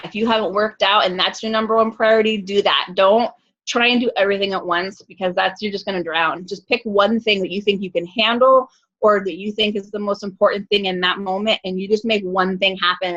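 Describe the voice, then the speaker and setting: A woman's voice: medium pitch, a bit bright, highs cut off. A woman guest answering interview questions on a video call, hesitant with frequent ums and restarts. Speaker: guest coach.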